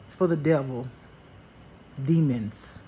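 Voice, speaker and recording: A woman's voice: a bass voice, slow pace, dark tone, slight background noise. A woman giving a casual spiritual monologue as a life teacher, emphatic and chatty, laughing often and calling her listeners honey and baby. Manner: uses endearments like honey and baby.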